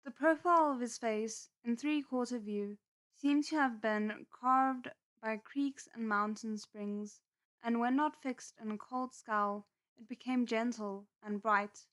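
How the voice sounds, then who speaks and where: A woman reads a novel aloud on a live stream, her voice a little high, with chatty, expressive asides between passages. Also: unhurried. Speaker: novel reader.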